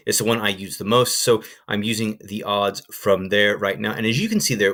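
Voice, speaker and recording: The voice here is fairly low and fairly bright, belonging to a young man who hosts a sports betting channel. He chats enthusiastically and casually to the camera, often using fillers and starting over.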